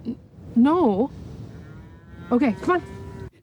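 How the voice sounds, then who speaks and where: An incredulous, indignant woman, put on by a man speaks in a very high falsetto. She draws her words out slowly, with a wide swing in her pitch. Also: animated, a little mellow, muffled recording, a little hiss or hum, full character voice. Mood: shaken. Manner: incredulous, clipped. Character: startled indignant woman, a driving instructor.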